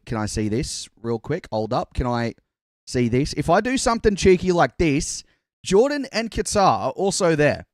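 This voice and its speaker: A man's voice: mid-range voice, dry recording, clean studio sound. A young Australian man hosting a live stream, chatting casually and rambling, often cutting himself off to tease his chat. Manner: chatty, rambling, self-interrupting, teasing the chat. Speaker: livestream host.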